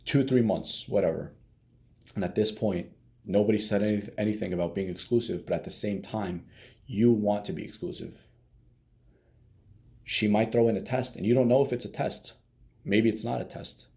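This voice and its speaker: A man with a very low, gravelly voice and a dark tone gives dating advice in a casual monologue. He talks bluntly and swears freely. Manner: blunt and profane, with many fillers. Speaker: dating coach.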